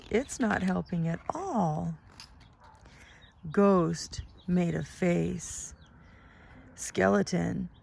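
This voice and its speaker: A woman's voice: on the low side, lively intonation, drawn-out words, vocal fry, pauses often, a little hiss or hum. Sing-song woman reading a picture book. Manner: gentle, sing-song, points out pictures to young listeners. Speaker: children's storytime reader.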